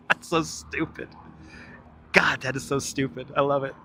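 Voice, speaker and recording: A man's voice: mid-range voice, fairly even intonation, a little slow, gravelly, background noise. A man hosting a live stream outdoors, joking, laughing a lot and chatting to viewers on a wireless clip-on mic. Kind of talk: live-stream walking commentary. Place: outdoors in Manhattan by the river.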